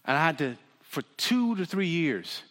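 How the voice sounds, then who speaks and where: A man preaching a sermon as a pastor, dramatic, swinging from loud pleading to hushed near-whispers. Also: a little high, sing-song, normal speed. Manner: dramatic, shifts from shouting to hushed. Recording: long hall reverb.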